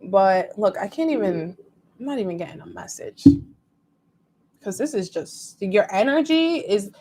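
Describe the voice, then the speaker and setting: Woman tarot reader, mid-pitched, chatty and emotive, lots of fillers. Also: expressive, a little slow, a little mellow. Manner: rambling and emotive, heavy use of "like". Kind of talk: casual tarot reading to viewers.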